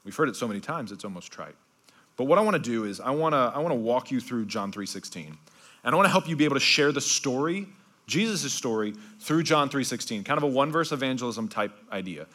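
Bright-voiced male pastor preaching. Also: mid-range voice, expressive. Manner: swings between bright emphasis and hushed, slowed-down passages; conversational, with repeated asides like "okay?". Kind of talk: sermon.

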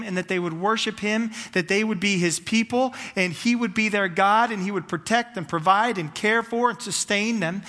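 Fervent high-voiced male preacher. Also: bright, forceful tone, in a large hall. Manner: fervent storytelling with rising, building runs. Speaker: pastor. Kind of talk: sermon.

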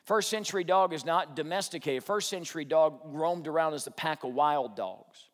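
A male pastor with a slightly high voice preaches with animated energy, asking the congregation questions as he goes. His voice rings out with a long reverb, as if in a large hall. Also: normal speed. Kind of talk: sermon.

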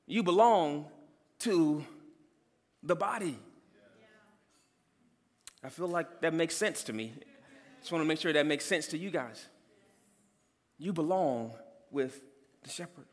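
High-voiced preacher man in a reverberant hall. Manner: emphatic preacher, swings from loud to soft. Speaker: pastor. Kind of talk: sermon.

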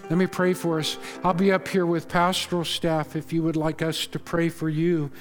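A man preaching a sermon as pastor, earnest, rising to loud emphasis and dropping to hushed tones. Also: a little high, completely flat delivery, normal speed, big-room sound, faint music behind. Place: church sanctuary.

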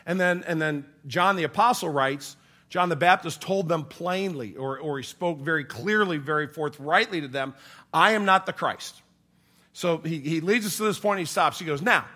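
A bright, slightly high-pitched man preaching to his congregation. He talks in a conversational way, acts out the voices he quotes, and swings from loud emphatic lines to quiet, hushed asides. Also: animated, fairly quick. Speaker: pastor. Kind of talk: sermon.

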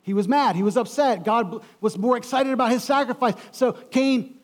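A man preaching a sermon as pastor in a church, emphatic and repeating his key phrases, swinging between loud and quiet. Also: very high-pitched, moderate pace.

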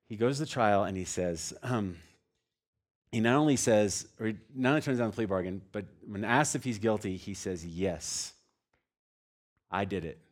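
A young adult man telling a story in a sermon, animated, swinging between loud excited bursts and hushed, low passages. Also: normal speed. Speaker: pastor.

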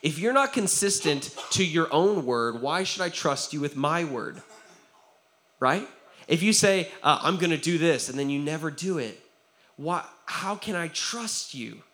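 A man's voice: a little high, expressive, measured pace. A young man preaching a sermon as pastor, conversational and earnest, often checking in with "right?" and acting out quoted voices. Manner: acts out quoted voices, drops to a quiet tone for serious stories.

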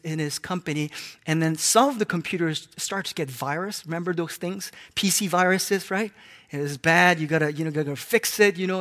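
A man in his forties from Hong Kong preaching a sermon, moving between loud, emphatic declarations and soft, hushed lines. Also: a little high. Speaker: pastor.

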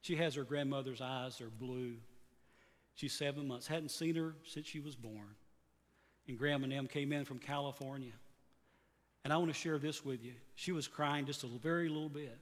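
A pastor in his fifties preaching a sermon earnestly, his voice rising on exhortations and dropping low at the ends of phrases. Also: moderate pace, long reverb tail. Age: 50s.

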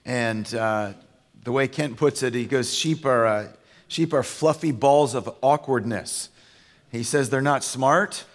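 A male pastor delivering a sermon in a relaxed, storytelling manner, full of fillers and self-corrections. His mid-pitched voice rings out with a long reverb, as if he is heard in a large church hall. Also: unhurried. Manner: conversational storytelling with fillers and restarts.

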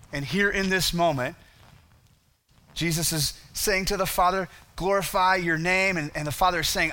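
A pastor preaching a sermon, asking rhetorical questions and dropping to a quiet, low voice for emphasis. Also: male voice.

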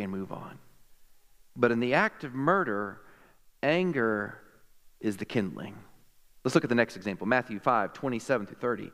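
A man preaching a sermon to a congregation, animated and jokey, with quick asides to the crowd. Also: mid-range voice, big-room sound. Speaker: pastor.

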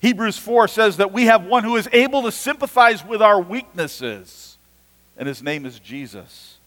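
A man's voice: sits high, lively intonation, moderate pace, a bit bright, big-room sound. A man preaching an earnest sermon as a pastor, often repeating and restarting his words.

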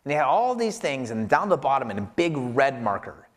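A man's voice: mid-range voice, very animated, fairly quick. A man casually telling a self-deprecating personal story, rambling, with many filler words. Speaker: podcast co-host reflecting on scripture.

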